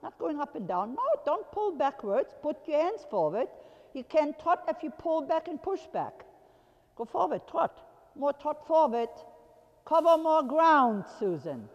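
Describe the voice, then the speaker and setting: Coaching a rider from the arena floor, a woman instructor uses short, repeated commands and laughs occasionally. She has a high-pitched, very animated voice and a measured pace; the recording has cut-off highs and long hall reverb.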